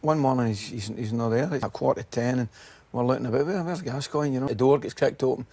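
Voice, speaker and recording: A man's voice: mid-range voice, quick pace, darkish tone. Chuckling man telling stories. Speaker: former footballer telling stories. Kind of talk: anecdotal storytelling.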